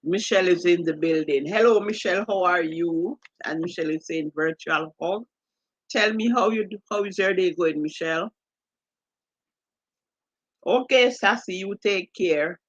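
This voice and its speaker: A woman's voice: on the low side, moderate pace, no room sound, highs cut off. A woman with a Jamaican accent hosting a live stream, reading out viewer comments and greeting each viewer by name. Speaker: livestream host.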